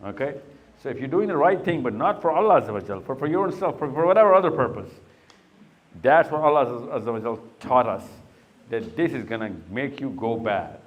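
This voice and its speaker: A man's voice: mid-range voice, lively intonation, brisk, muffled recording. A middle-aged man speaking to young people in a live talk, quizzing them patiently and then telling a long story. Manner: questioning, coaxing and storytelling.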